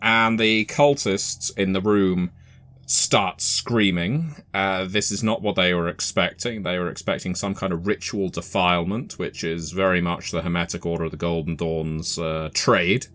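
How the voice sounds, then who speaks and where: A man narrating a tabletop horror game as game master. His delivery is measured and unhurried. The voice sits low but sounds bright and forceful. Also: steady tone.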